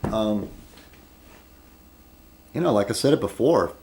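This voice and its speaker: A man's voice: on the low side, expressive, takes it slowly, darkish tone. A man rambling at his desk in an opinion video blog, arguing with many rhetorical questions and fillers. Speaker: video blogger.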